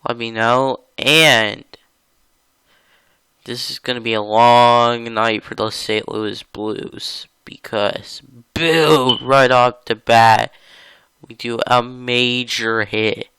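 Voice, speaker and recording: A man talks slowly and chattily over a hockey video game, wandering between thoughts before bursting out in excitement at big plays. His voice is bright and forward, with a very smooth, crisp tone, recorded close and dry with no room sound. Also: mid-range voice, dry recording. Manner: rambling and chatty, with sudden excited outbursts. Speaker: gaming channel host. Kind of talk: casual gameplay commentary.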